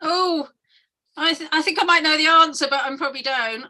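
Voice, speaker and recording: A woman student speaks up in class with a very bright, high voice. She sounds hesitant and apologetic, hedging her answers. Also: fairly quick. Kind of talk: casual class chat.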